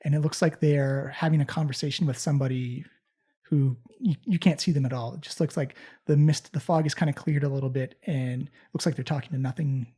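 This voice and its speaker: A man narrating a tabletop game as game master, relaxed and halting, with many fillers. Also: on the high side, breathy edge.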